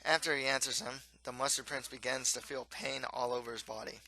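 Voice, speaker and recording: A man reading his own children's-style novel aloud, in steady, plain storybook narration with occasional slips. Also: medium pitch, fairly quick, few pauses, no echo, rough recording.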